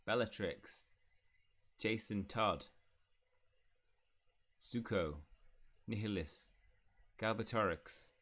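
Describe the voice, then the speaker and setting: A man's voice: on the low side, slow, long pauses, a bit bright. A man hosting a let's-play, commenting playfully and reading the game's dialogue aloud. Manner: playful, voices each character in turn. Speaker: gaming channel host.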